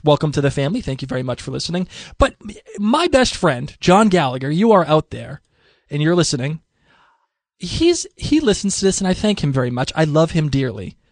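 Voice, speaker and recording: A man with a Boston accent co-hosts a casual podcast and reads out listener mail. His voice sits a little high, and he rambles and restarts his sentences in an animated way. The recording is dry and close-miked. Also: a little fast, dry recording. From Massachusetts. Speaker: podcast co-host.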